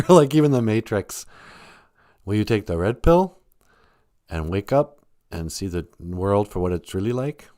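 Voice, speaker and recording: A man hosts a live stream in a loose, joking chat that wanders from joke to joke. His voice sits low but moves a lot in pitch. He laughs often as he goes. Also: lively intonation, measured pace, pauses often, warm tone, no room sound, studio quality.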